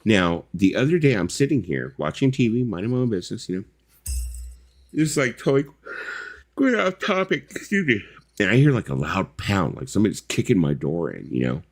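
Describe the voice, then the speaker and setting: A very deep-voiced man telling a story in loose, casual stream chatter. His pitch jumps around a lot, low one moment and high the next. He fills the gaps with likes and you-knows. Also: very animated, a little fast. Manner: rambling, loose, lots of fillers and asides. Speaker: co-host. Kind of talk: casual late-night stream chat.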